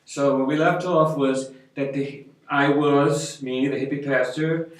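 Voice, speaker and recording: Older man telling stories in an echoey room. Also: a little high. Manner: rambling, folksy, hippie slang with frequent "man". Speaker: street pastor. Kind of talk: casual storytelling monologue. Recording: echoey room, mic at a distance.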